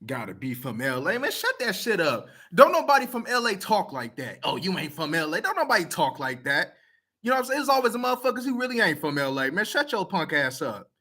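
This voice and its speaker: Blunt, profane man with lively pitch. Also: a little fast. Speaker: video commenter. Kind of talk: casual talk to camera.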